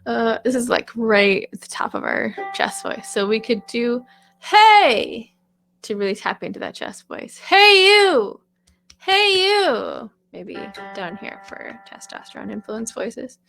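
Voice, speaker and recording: A woman's voice: medium pitch, fairly even intonation, moderate pace, creaky, hardly any pauses, faint music behind. A woman teaching a casual voice lesson, chatty, with sung and called-out examples.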